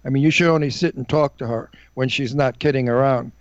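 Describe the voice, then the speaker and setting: A man's voice: mid-range voice, fairly even intonation, a little fast. A male radio co-host talking emphatically and enthusiastically on a live show. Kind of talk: casual live radio chat. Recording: dull, dry studio sound.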